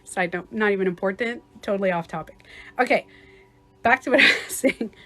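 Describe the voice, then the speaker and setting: A woman life coach giving a casual livestream talk, chatty and quick to laugh, acting out little scenarios as she explains. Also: mid-range voice, pushed and bright, faint music behind.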